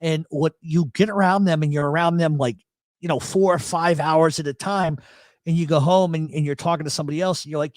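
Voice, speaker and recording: A man's voice: on the high side, steady tone, a little fast, no echo. A man hosting a live talk show, with a South Philadelphia accent picked up over the years, rambling and swearing through his stories. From Rhode Island. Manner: rambling, profane, storytelling. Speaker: radio show host.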